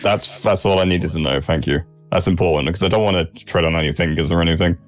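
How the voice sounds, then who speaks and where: A man with a Southern English accent chats easily with his fellow players, his voice sitting very low. He talks in quick bursts and laughs often. Faint music plays somewhere behind him. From Southeast England. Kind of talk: casual chat between game sessions.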